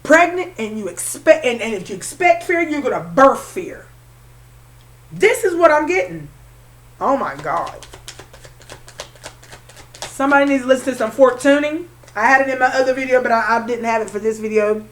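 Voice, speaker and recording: A woman's voice: high voice, lively intonation, moderate pace, long pauses. A woman doing a tarot card reading for her viewers, calling the listener honey and repeating her phrases. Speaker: tarot reader.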